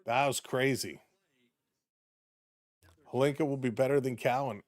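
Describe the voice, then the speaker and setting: A man calling live hockey play-by-play on a stream, quick and excitable, chatting with viewers between plays. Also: mid-range voice, no room sound. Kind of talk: hockey play-by-play commentary with chat shout-outs.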